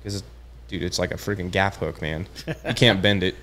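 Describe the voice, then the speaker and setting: A young man with a fairly low voice tells his story in an easygoing, laid-back chat. He keeps dropping "dude" into his sentences and acts out the lines he quotes as if he were living the moment again. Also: steady tone, moderate pace, fairly bright tone. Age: young adult. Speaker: podcast guest, tournament angler. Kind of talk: casual chat.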